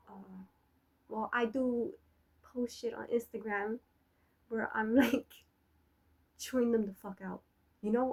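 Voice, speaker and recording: A woman's voice: mid-range voice, gravelly, a little mellow, breathy edge, low-quality recording. A young adult woman rambling through a personal vlog monologue, swearing freely and laughing often as she talks. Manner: profane, laughing, trash-talking. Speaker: vlogger.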